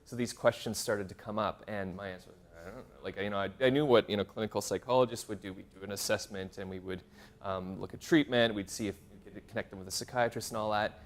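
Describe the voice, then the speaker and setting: A man's voice: on the low side, steady tone, quick pace. Man in his forties from canada, workshop presenter, rambling, self-deprecating, casual lecture. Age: 40s. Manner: rambling, self-deprecating, many fillers and restarts. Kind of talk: casual lecture to graduate students. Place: university seminar room.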